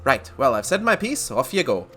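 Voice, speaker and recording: A gruff older tavern keeper woman with a put-on Scottish brogue, brusque and folksy. A man voices her with a lively, swooping pitch. Faint game music runs behind her. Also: normal speed.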